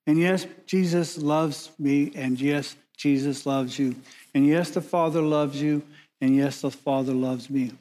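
A man preaching a sermon as pastor, measured and emphatic, slowing down and pausing to stress key words. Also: on the high side, fairly even intonation, darkish tone.

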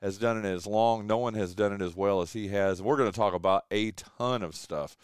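A man hosting a casual sports radio show from his home studio. He talks in an excitable, rambling, folksy way. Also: fairly low pitch, brisk, clear, resonant tone, dry recording.

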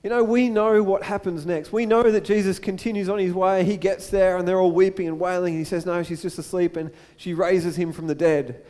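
A young adult pastor delivers a sermon in a high voice with a steady tone. Earnestly, he moves back and forth between urgent, loud crescendos and slow, gentle appeals.

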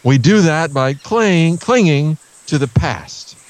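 Man doing a chuckling dad with rambling tangents, lively slightly high voice, improv comedy. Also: slow. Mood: earnest. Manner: chuckling, rambling, absurd non sequiturs. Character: rambling middle-aged father teaching camping.

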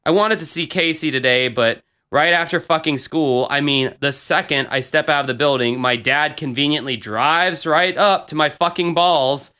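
A man's voice: fairly high pitch, normal speed, few pauses, pushed and bright, clean tone. A young man in casual chat, reading his old posts aloud and retelling them with profanity and laughter.

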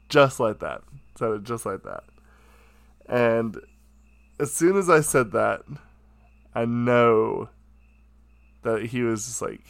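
A man's voice: fairly low pitch, slow pace, vocal fry, pauses often, no room sound. A man telling a casual, self-mocking anecdote from his room at home, chatty and full of fillers. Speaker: storyteller.

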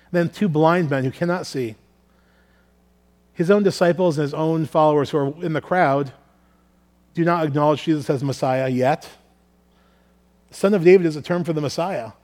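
Earnest male preacher, fairly high voice, halting repeats, sermon delivery. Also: darkish tone. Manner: earnest, repeats words while thinking aloud. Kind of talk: sermon with scripture reading.

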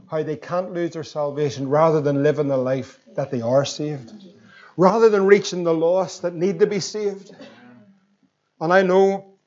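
A man's voice: a little high, darkish tone, dull audio. A man in his thirties with a Northern Irish accent, preaching a sermon with fervent, emphatic questions. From Northern Ireland. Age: 30s. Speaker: pastor.

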